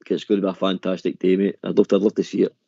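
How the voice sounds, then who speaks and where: Low mellow guy calling in, earnest, keeps saying mate, dry muffled line. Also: flat delivery, very fast, vocal fry, dry recording. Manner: earnest, says "mate" often. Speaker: caller. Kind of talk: casual chat.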